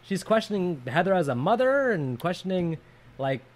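A man's voice: high-pitched, very animated, moderate pace. A man co-hosting a casual movie podcast, chatty and jokey, often trailing off with fillers. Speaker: podcast co-host.

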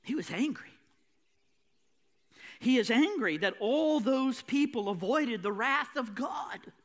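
A man's voice: very high voice, animated, slow, fairly bright tone. A male pastor preaching a sermon with an emphatic, repetitive cadence.

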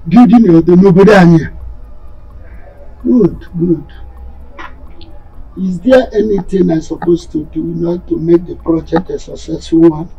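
A man with a Nigerian accent playing a firm elder brother and father who refuses a demand and calms his son. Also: a little high, gravelly, muffled recording. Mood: stern. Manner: stern, deliberate, religious reassurance.

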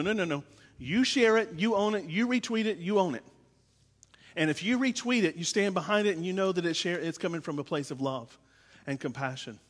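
A man's voice: sits high, in a large hall. A man preaching a conversational sermon as pastor, repeating phrases for emphasis.

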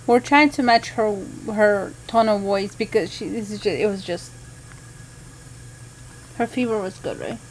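Pausing often at a measured pace, a medium-pitched mother vlogs casually from home at night about her sick baby. She is tired and unwell, rambling and chatty, and the low-quality recording has slight background noise.

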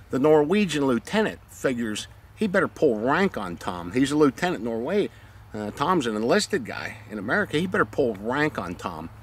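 A man's voice: medium pitch, slight background noise. A retired Navy SEAL, a man, telling war-buddy stories casually with lots of swearing, acting out the scenes. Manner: profane, animated, acts out the scenes.

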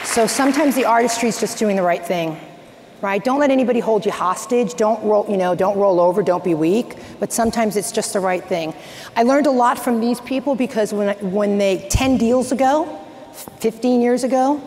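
An energetic woman speaks from a stage to a seated crowd, coaching in a direct, anecdotal way. Her voice carries a long reverb from the large hall, with a faint hum of ambience underneath. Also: mid-range voice. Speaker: real estate coach speaker. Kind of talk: stage talk to a live audience. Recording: echoey hall, faint background noise.

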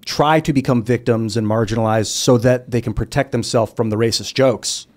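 A man's voice: mid-range voice, moderate pace, a little mellow. A man on a podcast panel who thinks aloud and asks questions. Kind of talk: casual panel chat.

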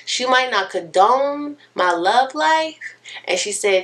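A young adult woman vlogger telling a personal story in a candid, animated, expressive way. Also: medium pitch, normal speed, distant mic. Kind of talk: casual storytelling.

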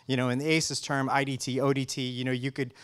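A man's voice: mid-range voice, little pitch movement, quick pace, a bit bright. A man speaking as a color scientist guest in a casual technical interview, enthusiastic and full of restarts and fillers.

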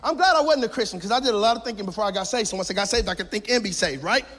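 A man pastor preaching a lively sermon, shouting his key points and mixing in jokes. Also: sits high, racing. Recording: long hall reverb.

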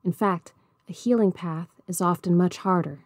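A woman voicing a patient woman circle keeper in a storybook reading, measured and gentle. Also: lowish voice, no echo, studio quality, lightly acted. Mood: calm.

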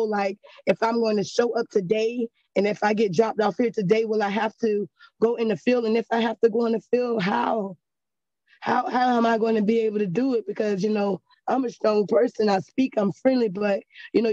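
A woman's voice: fairly high pitch, steady tone, brisk, mellow, no room sound, muffled recording. A woman giving a personal testimony in a church class, earnest and conversational, often checking in with her listeners.

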